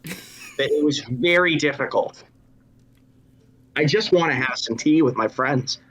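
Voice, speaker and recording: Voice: mid-range voice, a little slow, a bit bright, breathy edge. A player in a tabletop game, playfully describing their character's actions. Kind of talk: tabletop role-play.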